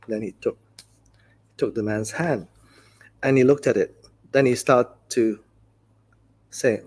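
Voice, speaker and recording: A male Buddhist teacher gives a dharma talk with a soft, breathy, slightly husky voice. His pitch sits in the middle of the male range. He talks gently, like a conversation, and tells stories with easy fillers. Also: unhurried, long pauses. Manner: gentle, conversational storytelling with many "you know"s.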